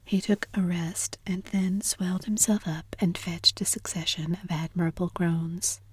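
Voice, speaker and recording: A woman narrating a storybook in whispered role-play, soft and measured. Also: fairly low pitch, fairly even intonation, slightly rough, no echo.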